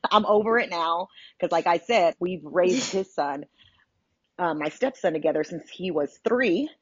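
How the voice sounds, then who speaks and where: A woman's voice: on the low side, animated, measured pace, husky, no echo, highs cut off. A woman co-hosting a podcast, telling her story candidly and with emphasis in casual chat. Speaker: podcast co-host.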